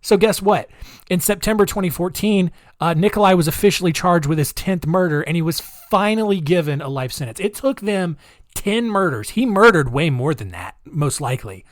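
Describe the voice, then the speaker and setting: A male podcast host tells a true-crime story in a loose, casual way, sarcastic and giggly. His voice sits a little high, and the recording is dry and close. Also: animated, moderate pace, no echo.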